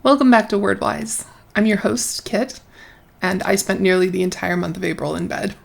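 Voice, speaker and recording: Hoarse, gravelly woman host, wry. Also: medium pitch, steady tone, normal speed, a little hiss or hum. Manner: wry, dryly sarcastic. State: hoarse from bronchitis. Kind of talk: book review commentary.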